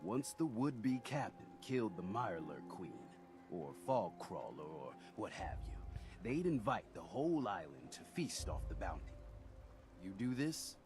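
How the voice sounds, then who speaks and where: An actor playing a gruff male islander who recounts an old legend in game dialogue. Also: fairly low pitch. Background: game music.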